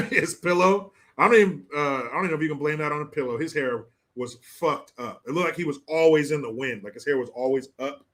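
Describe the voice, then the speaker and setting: A brash male host rattles through a casual livestream in profane, joking banter. His voice sits fairly high and sounds bright and forceful. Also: fairly quick.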